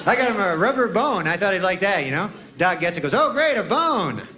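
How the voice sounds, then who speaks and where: Man, stand-up comic, deadpan drawl, rambling asides, live club audience audible, noisy recording. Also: sits high, fast talker, a faint crowd. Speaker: stand-up comedian. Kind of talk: stand-up routine. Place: comedy stage before a live audience.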